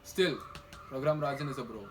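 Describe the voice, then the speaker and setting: A man's voice: medium pitch, brisk, background noise. A young man hosting a satirical news show, full of sarcastic asides and rhetorical questions. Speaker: comedy news show host.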